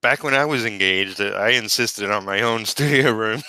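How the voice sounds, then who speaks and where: A man from Brooklyn inking a comic, chatting and laughing at his own stories. His voice sits lowish, smooth and clear, with a bright edge. The sound is close and dry. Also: normal speed, no room sound. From Brooklyn, New York. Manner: laughs often, self-deprecating. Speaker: comic book inker. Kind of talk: casual chat while inking.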